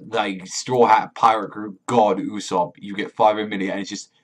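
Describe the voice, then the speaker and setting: A man talks through a comic chapter in a loose, rambling way. He fills every gap with "like" and swears when he gets worked up. His voice sits a little low. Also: moderate pace. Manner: rambling, heavy use of "like"; profane, excitable. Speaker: manga reviewer. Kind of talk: casual chapter review.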